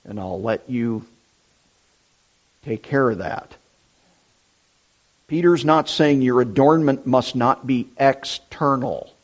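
A middle-aged man preaching a sermon, deliberate and emphatic, repeating his key phrases. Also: medium pitch. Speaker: pastor. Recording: dull lo-fi sound.

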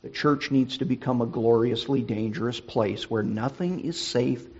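A middle-aged male pastor with a husky voice, preaching a sermon in an earnest, deliberate way. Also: medium pitch, a little mellow, dull audio, slight background noise.

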